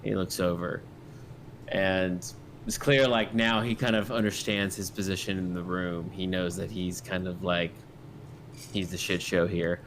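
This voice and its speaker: A man's voice: low-pitched, level tone, measured pace, fairly bright tone, a little hiss or hum. A man narrating as game master in a casual, rambling way, full of fillers.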